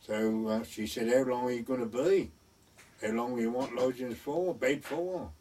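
Older man, husky yarn-spinner, chuckles, mimics the people he quotes; mic set well back. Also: mid-range voice, moderate pace, dark tone, far from the mic. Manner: chuckling, acts out quoted voices. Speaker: oral history storyteller. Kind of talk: reminiscing anecdote.

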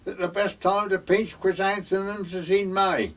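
A man voicing a nosy older Welsh village rector with a put-on Welsh accent, higher and louder than his own voice. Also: fairly even intonation, normal speed, recorded from a distance, lightly acted. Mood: prying.

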